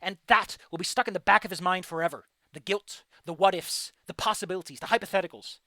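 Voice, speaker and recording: High, bright-voiced ranting streamer man. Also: fast talker, no room sound, clean studio sound. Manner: animated and ranting, swears freely. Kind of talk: casual let's-play commentary.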